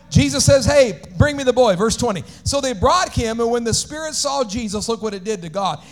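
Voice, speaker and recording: A man preaching a sermon as pastor, swinging between shouted, sing-song climaxes and quiet, conversational asides. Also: very high-pitched, expressive, brisk, hardly any pauses, soft background music.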